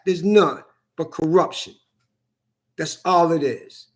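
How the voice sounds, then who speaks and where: A man's voice: fairly high pitch, slow, slight background noise. A man delivering a heated, profane monologue, repeating himself as he rants. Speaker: vlogger. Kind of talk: angry ranting monologue.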